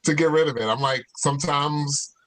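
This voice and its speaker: A man's voice: a little high, normal speed, a bit bright, low-quality recording. Laid-back man chatting over a laptop. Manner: rambling, laid-back, many fillers. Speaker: guest cook. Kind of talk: casual chat over video call. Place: home kitchen, indoors. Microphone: laptop mic on video call.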